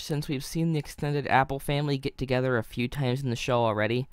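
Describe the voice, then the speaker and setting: A man's voice: mid-range voice, fairly even intonation, fast, few pauses, smooth, dry recording. A young man reads a scripted video review in a middle-range voice, analytical and dotted with wry asides. The recording is dry and close, with no room sound.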